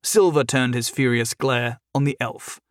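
A man reading fantasy fiction aloud as audiobook narrator, in an even, measured way. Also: mid-range voice, dry recording, clean studio sound.

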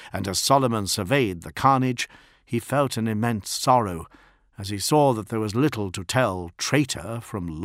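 A man giving dramatic scripted narration of an audiobook in a measured, grave way. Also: fairly low pitch, no room sound, clean studio sound.

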